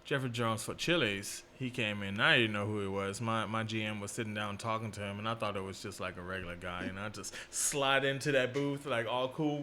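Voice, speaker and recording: A man chatting casually about work, laid-back and quick to laugh, acting out past conversations. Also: on the low side, a little hiss or hum. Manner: laid-back, laughs often, animated retellings. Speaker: restaurant worker. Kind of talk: casual chat.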